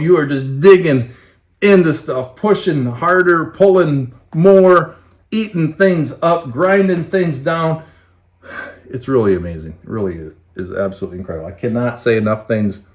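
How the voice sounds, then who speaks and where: A man hosting his own tractor channel, talking casually and with enthusiasm, often repeating himself and checking in with "okay?" and "right?". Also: medium pitch. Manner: enthusiastic, repetitive, keeps adding "okay?" and "right?". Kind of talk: casual enthusiastic equipment talk to camera. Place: garage.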